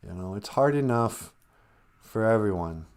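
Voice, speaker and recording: A man hosting a live stream, talking casually about grief with gentle, self-deprecating humor while holding back tears. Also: lowish voice, animated, measured pace. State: close to tears.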